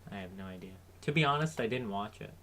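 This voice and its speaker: A man's voice: fairly low pitch, lively intonation, fast, bright, forceful tone. Young man joking on a podcast. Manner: joking, laughs often, plays along with bits. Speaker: podcast co-host. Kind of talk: casual chat.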